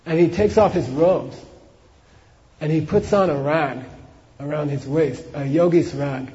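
A man gives a dharma talk, telling a story casually and checking in with his listeners. His voice is a bit high, and the recording is dull and muffled with long hall reverb. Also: unhurried, dark tone. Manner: casual, many asides like "you know" and "okay". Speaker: Buddhist teacher.

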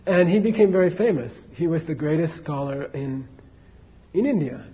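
Man, husky voice, slightly high pitch, informal dharma talk, lo-fi sound. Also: animated, normal speed. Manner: conversational, many fillers and asides to the audience. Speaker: Buddhist teacher. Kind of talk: casual dharma talk, storytelling.

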